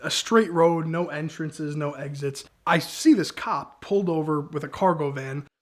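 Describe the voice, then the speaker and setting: Young male storyteller, slightly high voice, animated delivery. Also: moderate pace. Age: young adult. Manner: animated, acts out the cops' shouting in quoted lines. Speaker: guest storyteller. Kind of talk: casual storytelling.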